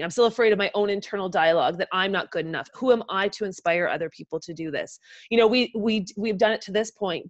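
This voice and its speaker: A young woman co-host talks warmly and openly, encouraging listeners. Her pitch sits in the middle of the range. The audio sounds muffled and dull. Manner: heartfelt, emotional, encouraging. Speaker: podcast co-host. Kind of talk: motivational podcast chat.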